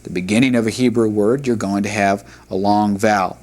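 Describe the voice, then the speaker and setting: A man teaching a Hebrew language lesson, reading word lists aloud in a measured, deliberate way and explaining syllables. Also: fairly low pitch, fairly even intonation, darkish tone. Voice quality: measured, deliberate delivery with pauses between drilled words.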